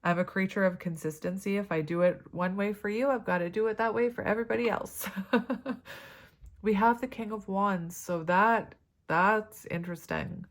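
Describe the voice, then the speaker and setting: A woman's voice: medium pitch, steady tone, a little fast. A woman giving a tarot reading to camera, chatty and rambling, with many fillers and side stories. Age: adult parent. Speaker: tarot reader.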